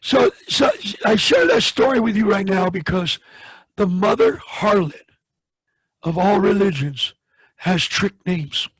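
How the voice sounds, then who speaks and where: Man preaching, high husky voice, dry close sound, acts out the people in his story. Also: big pitch swings, unhurried, fairly bright tone, no room sound, low-quality recording. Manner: dramatic retelling, acts out the voices in the story with big pitch swings. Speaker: preacher telling a testimony. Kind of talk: sermon storytelling.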